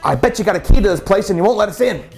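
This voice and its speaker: A woman's voice: on the low side, very animated, moderate pace, dark tone, soft background music, voice pushed up. A man voicing a pushy, suspicious older woman who accuses others. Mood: accusing. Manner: accusing, insistent.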